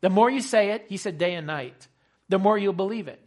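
A man's voice: sits high, fairly quick. A man preaching a sermon in an emphatic way, using rhetorical questions and repeating key phrases.

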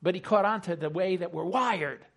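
Delivering a sermon at a moderate pace, a preacher with a fairly high, fairly bright male voice speaks with emphasis. He keeps returning to his main points and asks the congregation rhetorical questions.

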